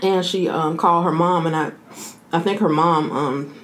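A woman's voice: sits low, steady tone, normal speed. A woman chatting casually to her viewers as she eats, calling them "y'all". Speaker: mukbang vlogger. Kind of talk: casual eating vlog chat.

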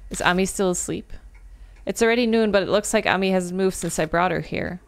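A woman reading a visual novel aloud as she plays, breaking into loud, animated exclamations and swearing. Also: medium pitch, fairly quick. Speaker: gaming video creator.

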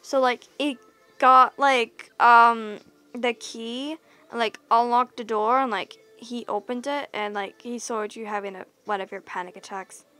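A woman's voice: fairly high pitch, steady tone, a little slow, pushed and bright, soft background music. A woman narrating a listener role-play story in a casual, rambling way, full of fillers. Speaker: audio role-play creator.

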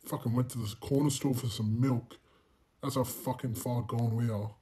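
A man's voice: medium pitch, steady tone, moderate pace, slightly rough. Foul-mouthed young man commentating a race. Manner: profane, self-mocking, bursts into loud exclamations. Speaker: gaming channel host. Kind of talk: racing game commentary.

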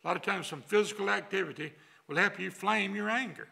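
An older pastor with a drawl preaches in a church sanctuary, his voice gravelly and a bit husky. The tone is bright and tense, and he drives his points home with folksy repetition. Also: sits high, brisk. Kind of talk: sermon.

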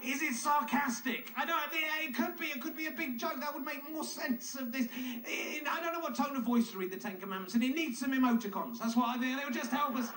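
A man with a very high, bright voice delivers a sarcastic, mocking comedic monologue. He nitpicks as he goes. The voice is heard from a distance in an echoey room with faint noise. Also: fairly quick.

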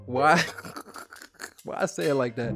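A young adult gaming YouTuber giving casual, profane play-by-play commentary, excitable and talking straight to the viewers. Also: mid-range voice, extremely slow. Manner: excitable, profane, talks to the audience as "y'all". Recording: game music playing behind.

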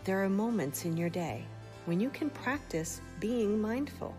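A woman gently guiding children through a mindfulness exercise, calm and softly asking questions. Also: mid-range voice, unhurried, soft background music.

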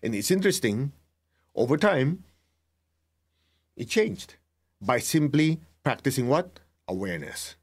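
A middle-aged man giving a spiritual lesson as a meditation teacher, talking deliberately and telling students to write points down. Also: medium pitch, big pitch swings, slightly rough. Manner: slow, deliberate, tells students to write things down; laughs at himself, acts out remembered exchanges.

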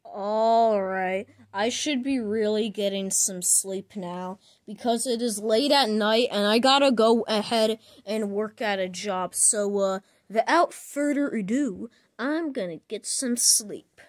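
A woman narrating her own plush toy skit in a chatty, repetitive way, talking through each step out loud. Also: mid-range voice, takes it slowly, few pauses. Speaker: plush video maker.

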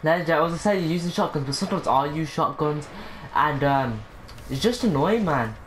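A woman commentating her gameplay, excitable, breaking into high squeals, swearing and catchphrases aimed at her viewers. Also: brisk, slight background noise. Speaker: gaming channel host.

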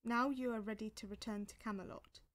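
A woman voicing a wise old male wizard in a storybook reading, speaking quietly and measured. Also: a little high, fairly even intonation, lightly acted. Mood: guiding.

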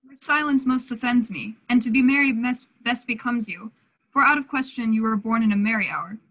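A woman's voice: on the high side, brisk, fairly bright tone. Teen girl playing a genial matchmaking prince. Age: late teens. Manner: stately, matchmaking. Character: genial scheming male prince. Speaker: student actor. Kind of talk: Shakespeare school play over video call. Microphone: video call.

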